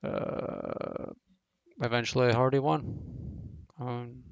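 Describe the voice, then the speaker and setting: Guy with a gravelly voice rambling through a wrestling review, swears a lot, dull dry lo-fi mic. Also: mid-range voice, fairly even intonation, takes it slowly, dry recording. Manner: rambling, blunt, swears freely, many fillers. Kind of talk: casual spoken review.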